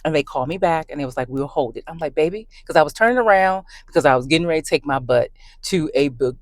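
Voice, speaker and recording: A woman telling a story to her camera in a casual, emphatic rant, talking with animated emphasis. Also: low-pitched, racing, no echo. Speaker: book vlogger. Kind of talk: casual ranting vlog. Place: in her car.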